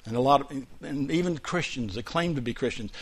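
A male pastor preaching a sermon, moving between loud declarations and quiet, hushed asides. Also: medium pitch, lively intonation, brisk, breathy edge.

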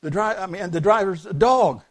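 A pastor preaches a sermon in church, telling folksy stories and joking with the congregation. His voice is high and his speed normal.

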